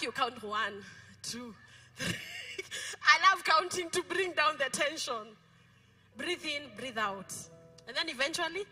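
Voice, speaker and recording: High, bright Kenyan woman pastor preaching. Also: slightly rough. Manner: playful, code-switching, asks the congregation questions. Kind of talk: lively sermon. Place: church. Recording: music behind the preaching.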